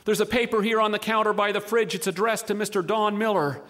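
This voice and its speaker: A man playing a flustered, anxious male caterer on the phone, earnest and bewildered, his voice pitched high for a man. He sounds pleading and out of his depth. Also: fairly even intonation, fast, fairly bright tone.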